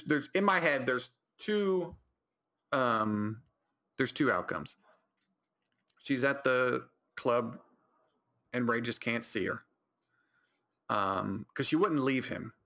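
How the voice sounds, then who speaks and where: A young man hosting a podcast, telling a comedic story in a rambling, animated way and correcting himself often. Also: mid-range voice. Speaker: podcast host.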